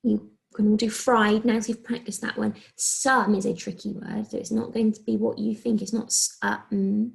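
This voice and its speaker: A woman with an English accent, a primary school teacher giving a recorded phonics lesson to young children, speaking slowly and clearly as she sounds out letters. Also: mid-range voice, flat delivery. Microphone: recorded video lesson.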